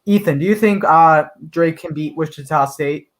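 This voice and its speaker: A young man hosts a relaxed basketball talk show, his voice sitting a little higher than most men's. He moderates loosely, agrees readily and passes questions around the panel. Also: moderate pace. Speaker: host. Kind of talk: casual sports chat.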